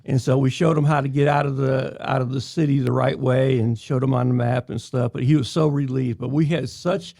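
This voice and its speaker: An older man from New York, a retired police officer, telling stories in a relaxed, casual podcast chat. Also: medium pitch, fairly quick, creaky, few pauses, no echo, studio quality. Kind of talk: casual storytelling.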